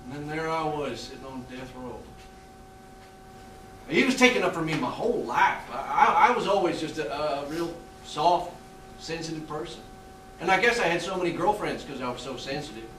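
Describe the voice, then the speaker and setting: A man performing a theatrical monologue on a small theatre stage, telling a confessional story with halting restarts. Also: a little high, animated, fairly bright tone, a little hiss or hum. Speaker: stage actor playing a death row inmate. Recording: roomy theatre sound from a distant mic.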